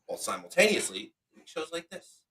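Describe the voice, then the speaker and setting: A man's voice: fairly high pitch, very animated, fairly quick, pushed and bright, far from the mic, low-quality recording. A man hosting a podcast in casual chat, talking emphatically and motivationally and swearing freely. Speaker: podcast host.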